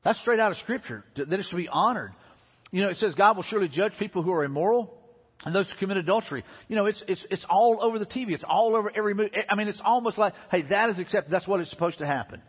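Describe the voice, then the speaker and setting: A man's voice: high voice, expressive, fast, breathy edge. A middle-aged man, preaching a sermon as pastor in a folksy, conversational way. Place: church sanctuary. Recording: dull lo-fi audio in a reverberant hall.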